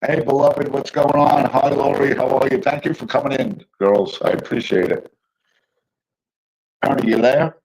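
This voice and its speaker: A man's voice: mid-range voice, fairly even intonation, moderate pace, gravelly, a little mellow, breathy edge, rough recording. A man hosting a live stream, chatting casually and agreeing with his guest in short replies while greeting viewers.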